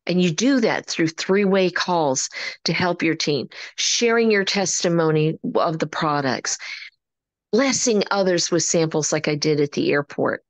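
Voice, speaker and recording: A woman giving an energetic, animated motivational talk, with preacher-like emphasis on key words. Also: low-pitched, a little slow, no echo. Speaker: motivational speaker.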